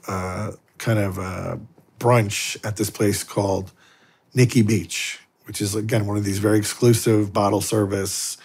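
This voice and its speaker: Husky-voiced priest telling vivid stories. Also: male voice, lowish voice. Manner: animated anecdotes, acting out dialogue. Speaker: guest, Catholic priest and exorcist. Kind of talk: storytelling in a long-form interview.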